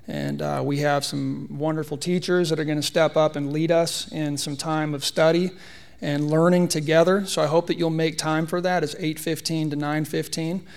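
A man's voice: on the high side, little pitch movement, moderate pace, gravelly. A man in his thirties giving a conversational, humorous sermon in a church, telling a personal story. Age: 30s. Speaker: preacher.

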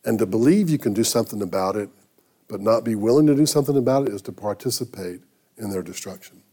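A man preaching a sermon, telling a story in a conversational, halting way with frequent restarts. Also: fairly low pitch, animated, dark tone, slightly rough. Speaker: pastor.

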